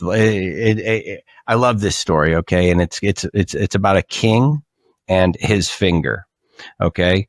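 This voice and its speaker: A man on a podcast, telling a story in a relaxed, animated way and often repeating words as he starts a thought. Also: deep voice, no echo, studio quality. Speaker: podcast guest. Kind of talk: casual storytelling.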